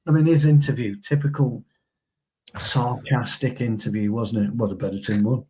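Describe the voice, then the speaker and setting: A man's voice: medium pitch, steady tone, normal speed, dark tone, a little hiss or hum. A man co-hosting a casual football fan chat, bantering with his co-host. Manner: chatty, banter-filled, addresses co-host as pal.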